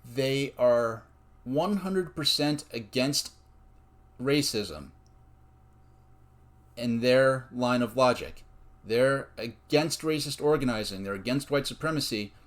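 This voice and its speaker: A man giving a personal commentary monologue in a deliberate, earnest way, with many pauses. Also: medium pitch, animated. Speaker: video essayist.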